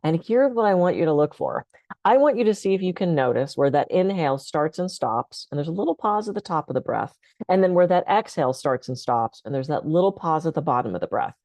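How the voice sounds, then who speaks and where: A woman speaker on a video call, calmly and conversationally guiding listeners through breathing techniques for stress. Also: sits low, a little fast, no room sound. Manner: calm, conversational, gently instructive. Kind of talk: guided breathing talk.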